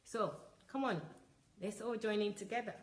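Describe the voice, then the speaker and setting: A woman's voice: mid-range voice, normal speed. A woman hosting a livestream, greeting viewers by name and chatting in an upbeat way. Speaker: livestream host. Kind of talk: casual livestream chat. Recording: echoey room, faint noise.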